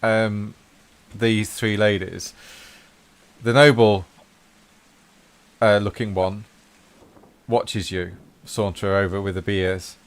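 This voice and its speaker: A man's voice: on the low side, little pitch movement, slow, pauses often, clean tone. A man narrating a tabletop game as game master, in an easygoing, descriptive way with fillers.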